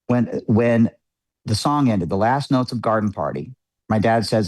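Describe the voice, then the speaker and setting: A middle-aged musician appearing on a podcast tells a personal story, his low-leaning, slightly mellow voice animated but measured in pace. He's earnest and reflective, chatty with frequent fillers, in candid interview storytelling with no echo.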